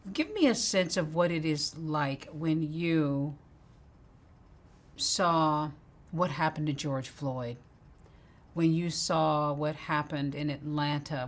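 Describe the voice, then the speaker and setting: News correspondent, female: low-voiced, slow, measured and gentle in questioning. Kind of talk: interview questions.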